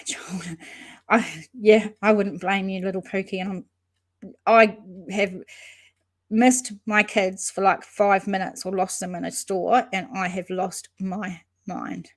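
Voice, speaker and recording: A woman's voice: mid-range voice, steady tone, a little slow. Hesitant woman chatting on a livestream. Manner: thinks aloud, hesitant with frequent ums and restarts; greets and answers chatters by name. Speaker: host of a true-crime livestream. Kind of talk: casual livestream chat reading viewer comments.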